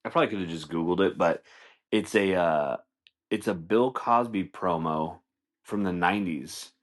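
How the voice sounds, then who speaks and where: Male podcast host, very low voice, loose profane comic rambler who acts out bits. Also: normal speed. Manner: rambling, profane, laughs often, acts out scenes. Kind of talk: casual comedic monologue.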